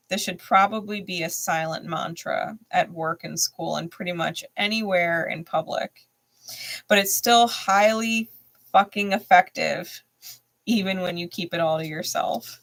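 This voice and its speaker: Gravelly-voiced woman hosting a tarot reading. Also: lowish voice, unhurried, fairly bright tone. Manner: blunt and profane, laughs often; emphatic, repeats phrases. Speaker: tarot reader and channel host.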